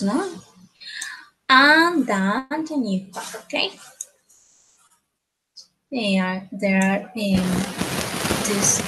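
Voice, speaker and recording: A woman's voice: medium pitch, background noise. A woman teaching an English grammar lesson, who keeps checking in with short tag questions and repeats phrases as she explains.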